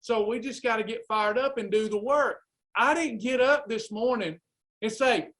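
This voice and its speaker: Coaching a live weight loss class, a man spurs his listeners on with fired-up, preacherly energy. His voice sits at an extremely high pitch, a bit bright, at normal speed.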